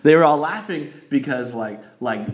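A man's voice: medium pitch, expressive, normal speed. A man in a casual podcast chat, telling a rambling story full of "like". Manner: rambling storyteller, heavy use of "like".

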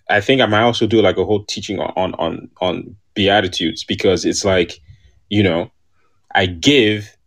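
Searching man on a faith podcast. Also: fairly low pitch. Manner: searching, repeats words while thinking. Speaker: podcast co-host. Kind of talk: casual faith talk.

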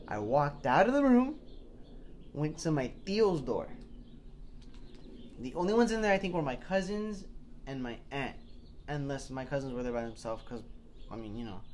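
A young man co-hosting a podcast, telling animated stories in casual chat, swearing freely and acting out what people said. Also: mid-range voice, a little hiss or hum. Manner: animated storyteller, swears freely, acts out quoted voices. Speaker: podcast co-host.

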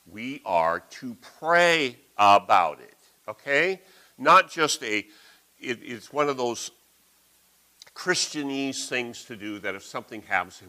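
A middle-aged man preaching a sermon, with folksy, animated storytelling. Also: mid-range voice, a little slow, poor audio.

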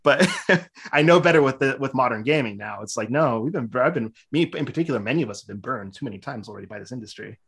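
A man's voice: medium pitch, lively intonation, quick pace, creaky, a bit bright, husky. A man co-hosting a podcast in casual chat, rambling through opinionated game critique. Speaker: podcast co-host.

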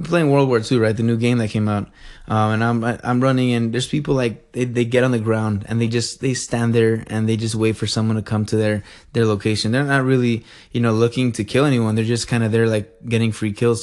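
A young man telling a story in a casual rant, animated and rambling, swearing and laughing as he goes. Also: mid-range voice. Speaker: vlogger.

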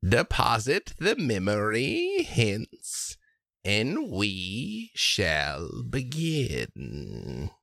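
A man voicing an ancient, possessive female hag who speaks slowly and sweepingly. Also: on the low side, wildly swooping pitch, vocal fry, a bit bright, no room sound, clean studio sound, exaggerated voice. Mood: solemn. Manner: drawn-out, sweeping delivery.

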